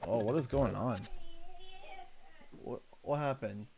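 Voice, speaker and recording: A man's voice: mid-range voice, brisk, pauses often, darkish tone, soft background music. A man in his thirties chatting casually while livestreaming a game, a chatty storyteller who laughs and acts out voices. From Canada. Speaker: livestreaming gamer.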